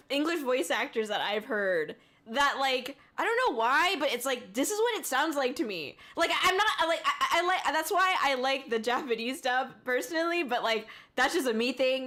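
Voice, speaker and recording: A woman's voice: high-pitched, pushed and bright. A woman streamer chatting casually and reacting to clips, rambling and giggly and swearing freely. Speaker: VTuber streamer.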